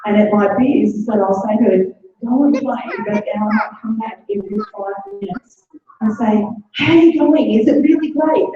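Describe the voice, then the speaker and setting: A woman's voice: fairly high pitch, dark tone, very echoey, recorded from a distance, highs cut off. A middle-aged woman giving an earnest motivational talk, repeating phrases for emphasis. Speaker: guest speaker.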